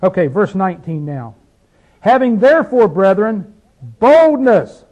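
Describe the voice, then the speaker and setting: A man teaching a Bible study like a sermon, fervent, firing rhetorical questions and dropping from loud to hushed. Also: sits high, sing-song, unhurried, rough recording.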